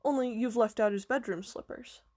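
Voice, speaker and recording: A woman reading aloud voices a kindly, eccentric old male professor who explains things gently and patiently. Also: a little high, normal speed, natural voice. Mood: warm, explaining.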